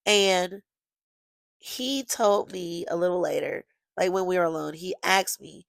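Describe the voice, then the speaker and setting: Gushing young woman with a gravelly edge. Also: fairly low pitch, measured pace, no room sound. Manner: animated, gushing, talks straight to listeners. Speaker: podcast host. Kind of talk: casual storytelling monologue.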